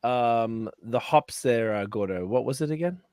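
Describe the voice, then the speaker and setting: A man's voice: mid-range voice, animated, moderate pace, a little mellow, clean tone, no room sound, clean studio sound. A man hosting a podcast, chatting casually and enthusiastically with rambling tasting notes and casual swearing. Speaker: podcast host.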